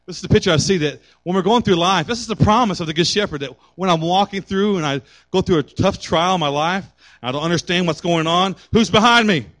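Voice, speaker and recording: A man's voice: high voice, quick pace, few pauses, a bit bright. A middle-aged man preaching a sermon with call and response, building to impassioned exhortation. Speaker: pastor.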